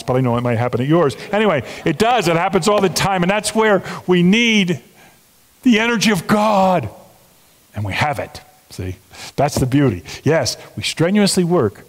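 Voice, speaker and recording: Earnest preaching man, raised pitch. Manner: earnest, conversational preaching with emphatic stresses and asides to the congregation. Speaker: pastor. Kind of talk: sermon. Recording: long hall reverb.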